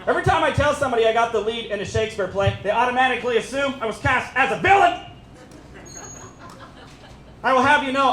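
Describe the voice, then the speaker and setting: A man in his fifties doing a stand-up set at a fundraiser, animated and self-mocking as he teases the audience. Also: very high-pitched, fast talker, pauses often. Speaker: stand-up comedian. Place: stage at a fundraiser event. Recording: echoey room with crowd noise. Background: audience laughter.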